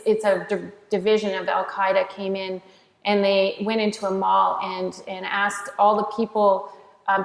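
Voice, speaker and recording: A woman's voice: mid-range voice, vocal fry. A woman giving an earnest, emphatic faith testimony as an interview guest, often restarting her sentences. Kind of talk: heartfelt faith testimony in conversation. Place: church. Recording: echoey hall reverb.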